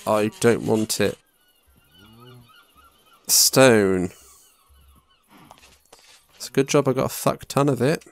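A man's voice: mid-range voice, slow, vocal fry, pauses often, no room sound. A young man muttering to himself and swearing casually while commenting on his own gameplay. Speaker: gaming YouTuber. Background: faint game music.

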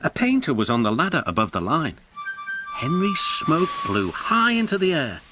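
A man's voice: a little high, normal speed. A man with a British accent narrating a children's railway story in a storytelling manner. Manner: warm storytelling, expressive. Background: music.

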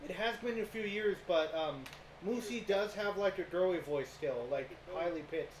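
A teenage boy with a high voice hosts a casual online chat. He is excitable and bossy, and his home mic carries a lot of background noise. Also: moderate pace.

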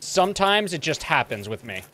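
A man's voice: on the high side, very animated, normal speed, fairly bright tone. A man streaming a video game, joking and swearing through casual commentary in a put-on British accent. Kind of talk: live gameplay commentary.

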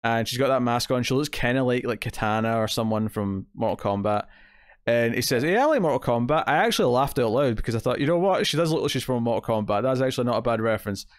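A man's voice: mid-range voice, quick pace, clear, resonant tone, no echo, studio quality. A man co-hosting a podcast, chatting casually about TV episodes, rambling with fillers and quoted asides. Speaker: podcast co-host. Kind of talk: casual TV review chat.

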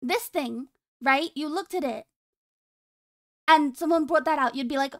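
A woman's voice: high voice, unhurried, pauses often, fairly bright tone. A woman streaming casually, teasing and joking with her chat and laughing often.

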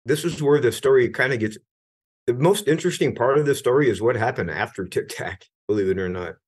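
A middle-aged retired Navy senior chief from the United States talks briskly and expressively, his medium-pitched voice carrying a breathy edge. Being interviewed, he tells his story candidly and earnestly, sometimes emphatically, with frequent restarts.

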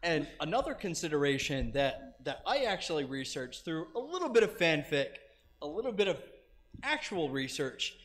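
A man with a high, lively voice, talking loosely as a convention panelist. His lines ramble and he laughs between thoughts. The sound rings with the long reverb of a large hall. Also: moderate pace. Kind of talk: casual panel discussion.

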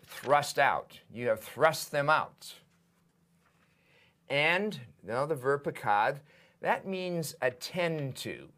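Slow, methodical male Hebrew lecturer. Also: medium pitch, pushed and bright. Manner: deliberate, methodical, reads out and translates word by word. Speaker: seminary professor.

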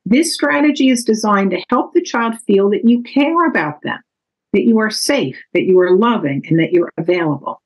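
A woman author giving a calm, measured, instructive talk that explains parenting strategies from her book. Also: medium pitch, breathy edge, poor audio.

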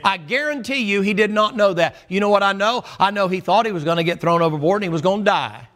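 High-voiced folksy preacher. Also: male voice, quick pace. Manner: folksy, animated storytelling. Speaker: pastor. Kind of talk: sermon.

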